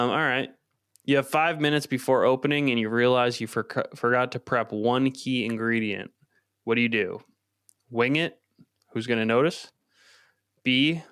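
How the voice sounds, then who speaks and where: A man co-hosting a laid-back podcast rambles through stories and laughs often. His voice is smooth and resonant, recorded dry and close. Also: mid-range voice, fairly bright tone, no echo. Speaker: podcast co-host, chef. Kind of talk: casual podcast chat.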